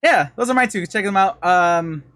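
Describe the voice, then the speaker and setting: A man's voice: high voice, lively intonation, moderate pace, fairly bright tone, no echo. A man co-hosting a podcast in casual chat, rambling with fillers as he recommends songs. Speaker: podcast co-host.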